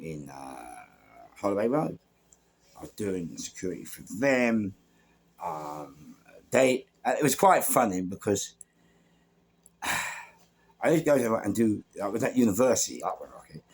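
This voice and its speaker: A low-voiced man tells his old doorman stories in a loose, rambling podcast style. His voice is gravelly and husky, and he keeps circling back with fillers and repeated words. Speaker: former doorman and security firm owner telling stories. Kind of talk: casual podcast storytelling.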